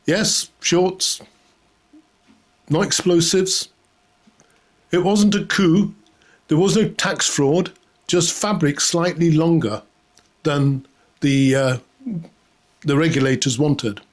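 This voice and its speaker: A man delivering a satirical comedy monologue in a sarcastic, mock-outraged way, often laughing at his own jokes. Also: on the high side. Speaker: comedy host.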